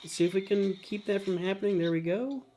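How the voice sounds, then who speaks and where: Middle-aged male streamer, slightly high voice, chatty play-by-play, sudden excited yells. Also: fast talker, slight background noise. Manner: talks about himself in third person, excitable outbursts. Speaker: streamer host. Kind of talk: live gameplay commentary.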